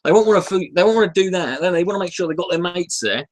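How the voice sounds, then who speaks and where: Sweary man ranting, lively pitch. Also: fast, a little hiss or hum. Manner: irritable, sweary, restarts often, sighs. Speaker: YouTuber ranting on a live stream. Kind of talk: profane casual rant.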